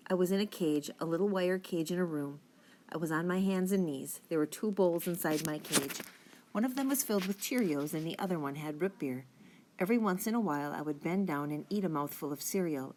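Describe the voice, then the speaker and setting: Woman reading a kids book aloud, lowish voice, steady and clear. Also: a little fast. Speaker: audiobook reader.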